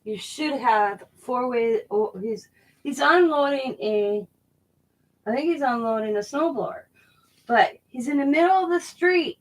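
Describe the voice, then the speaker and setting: A woman's voice: high voice, lively intonation, unhurried, rough recording. A middle-aged woman hosting a crafting video, chatting casually as she works and laughing often while she tells stories. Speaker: crafting channel host.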